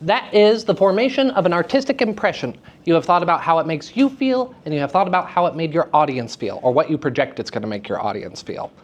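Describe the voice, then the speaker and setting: A woman lecturing students on acting. She is lively and theatrical, laughs often and asks them questions. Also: low voice, fast talker, hardly any pauses. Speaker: acting teacher giving a lecture. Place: school theater festival session.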